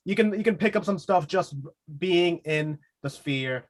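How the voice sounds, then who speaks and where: A man hosting a casual podcast interview, enthusiastic and quick to laugh, often repeating himself. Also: sits high. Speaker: podcast host.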